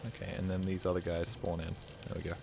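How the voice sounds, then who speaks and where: A man's voice: sits low, monotone, fast talker, creaky, noisy background. A man streaming a video game, chatting casually with a goofy, self-mocking manner and plenty of swearing. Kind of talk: casual gaming stream commentary.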